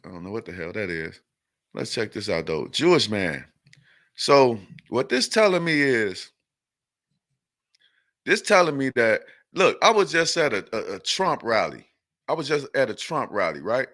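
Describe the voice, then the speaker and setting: A male podcast host with a gravelly, bright voice that swings up and down a lot. He rambles through the news in a loose, profane style. He keeps tacking "man" onto his sentences. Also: medium pitch, sing-song, a little slow. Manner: acts out an angry exchange in a raised voice.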